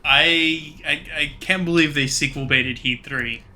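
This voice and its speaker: Man, very bright voice, a bit high, podcast co-host, measured, hedging. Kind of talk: casual book discussion.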